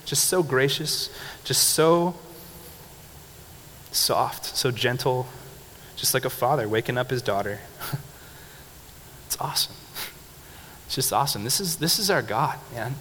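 Young male preacher, mid-pitched, casual and animated, laughs a lot, echoey hall. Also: moderate pace, pauses often. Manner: animated and conversational, laughing often, leading call-and-response. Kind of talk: sermon. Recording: reverberant hall with faint background noise.

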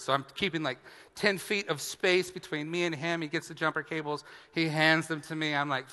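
A pastor tells a comic story from the pulpit, acting out each line of the exchange with real animation. His voice is bright and a little high for a man. The sound hangs in a large hall with a long reverb. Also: steady tone, normal speed, hardly any pauses, clear, resonant tone. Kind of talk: sermon with a funny personal story. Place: church sanctuary.

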